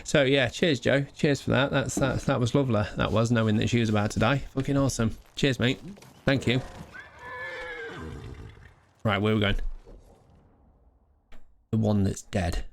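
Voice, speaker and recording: A man's voice: medium pitch, normal speed, vocal fry, long pauses, slight background noise. A man streaming a game live, chatting casually with rambling asides and a bit of swearing.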